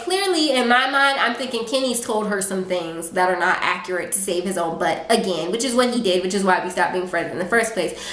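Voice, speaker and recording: A young woman vlogger telling a casual storytime, chatty and animated, full of fillers and quoted asides. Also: mid-range voice. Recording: echoey room.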